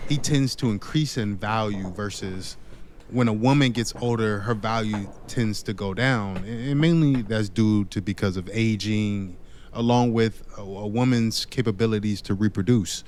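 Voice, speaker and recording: A man with a fairly low voice lectures in a measured, steady way, pausing on fillers as he explains. Faint background noise sits under the recording. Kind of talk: scripted dating monologue.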